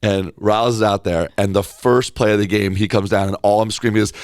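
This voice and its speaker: A man talking as a podcast guest in a studio, telling stories with excitable energy and quick restarts. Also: fairly low pitch, no room sound. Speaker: podcast guest, company founder. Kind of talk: casual podcast chat.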